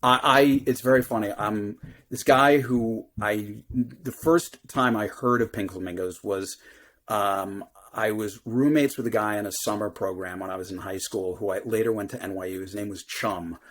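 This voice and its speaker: A man's voice: lowish voice, a bit bright. A man appearing as a guest on a podcast, chatting casually and joking along. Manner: easygoing, jokey, quick to agree. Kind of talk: casual chat.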